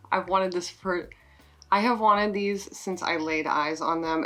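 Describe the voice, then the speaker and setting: A woman vlogging an unboxing of plant gifts, emotional and excited, swearing in delight and stumbling over plant names. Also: low voice. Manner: profanity-laced exclamations. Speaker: plant YouTuber. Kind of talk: unboxing vlog chat.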